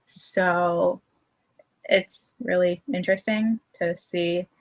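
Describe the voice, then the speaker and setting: A woman's voice: on the low side, steady tone, measured pace, fairly bright tone. A young woman chatting as a podcast guest, cheerful and giggly with a sarcastic streak. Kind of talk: casual podcast chat.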